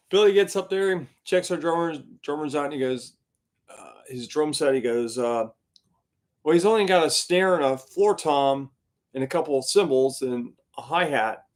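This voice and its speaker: Male host, gigging guitarist, loose rambling chat, mid-pitched voice, many fillers. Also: normal speed. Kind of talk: casual chat to a live stream audience.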